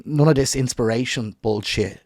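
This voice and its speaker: A mid-pitched Irish man co-hosting a casual podcast. He rambles, repeats himself and swears freely. The dry, close sound keeps every word near. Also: moderate pace, darkish tone, no room sound. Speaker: podcast co-host. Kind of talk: casual chat.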